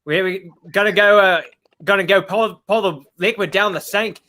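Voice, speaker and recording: A man's voice: high voice, normal speed, pushed and bright. A man putting on a cheery Australian man with an Australian accent, rambling and chummy.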